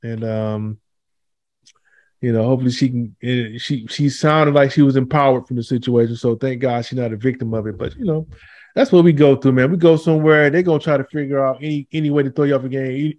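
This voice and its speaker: A man's voice: mid-range voice, quick pace, no room sound. Laid-back man hosting a chat. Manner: loose storytelling with animated quoted voices. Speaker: podcast host. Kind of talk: casual chat.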